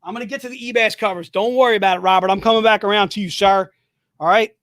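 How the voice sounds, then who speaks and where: A man hosting a live comic sales stream, joking and hyping items in rapid-fire salesman banter from an indoor studio room. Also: high-pitched, steady tone, fairly bright tone, no echo. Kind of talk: casual live-stream selling.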